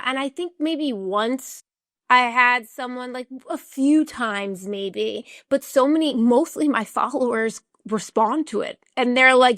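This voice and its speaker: A young woman talks with earnest reflection in an interview, her voice sitting a little high. She leans on "you know" and "like" as she thinks aloud. The recording is close and dry. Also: a bit bright, no room sound. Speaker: podcast guest, chronic illness advocate. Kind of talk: candid conversational interview.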